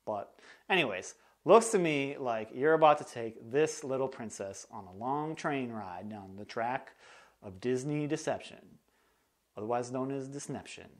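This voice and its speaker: A man hosting a music theory lesson in a relaxed, comedic tone. He talks in a chatty, sarcastic way, full of asides. The delivery is casual rather than formal. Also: mid-range voice, measured pace.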